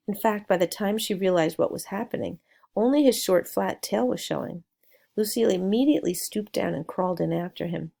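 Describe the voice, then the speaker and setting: A woman narrating a children's book aloud in a gentle storytelling manner, with a gravelly, creaky texture to her voice. Her pitch sits in a middle range, and she sometimes stops to add a little aside to the listener. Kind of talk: reading a children's novel aloud.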